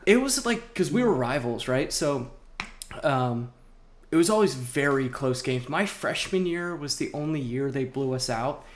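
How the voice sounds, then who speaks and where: A man's voice: medium pitch, measured pace. Rambling young man, casual podcast chat. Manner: rambling, animated storytelling with frequent fillers. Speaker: podcast co-host.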